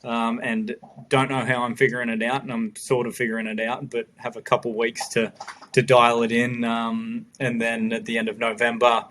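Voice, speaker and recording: An Australian man talks in a casual podcast chat, his pitch staying fairly level. He stops and restarts often and leans on lots of fillers. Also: completely flat delivery, a bit bright, a little hiss or hum. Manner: halting, with many fillers and restarts. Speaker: podcast regular.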